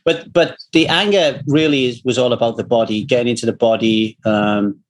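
A man, a recovery coach, talking casually in a rambling way, swearing freely and telling animated stories. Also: mid-range voice, normal speed. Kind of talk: casual conversation.

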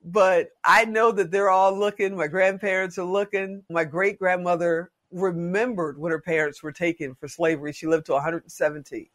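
A woman in her late fifties, a podcast guest talking in a casual interview as an expressive, folksy storyteller. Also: on the low side, moderate pace, few pauses. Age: 50s.

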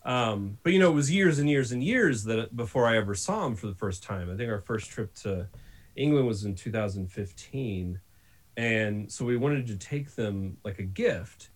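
Animated storytelling man. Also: lowish voice, normal speed. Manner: animated storyteller, laughs often. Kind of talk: casual chat.

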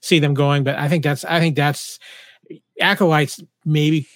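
A man's voice: on the high side, steady tone, a little slow, fairly bright tone, no echo, studio quality. A man co-hosting a casual podcast chat, eager and stammering on his restarts. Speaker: podcast co-host.

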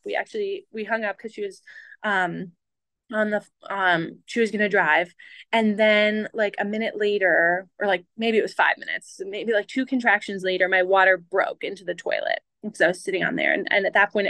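A woman's voice: mid-range voice, fairly bright tone, no echo. A woman guest on a podcast, telling a story in a chatty way, full of fillers and acted-out dialogue. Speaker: guest, medical doctor. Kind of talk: casual storytelling in a podcast interview.

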